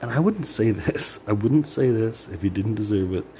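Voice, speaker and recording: A man's voice: on the low side, expressive, moderate pace, warm tone, slight background noise. A man venting in a personal monologue, rambling and bitter, swearing and filling his talk with "like". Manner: rambling, profane, many "like" fillers; emotional, bitter. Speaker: vlogger.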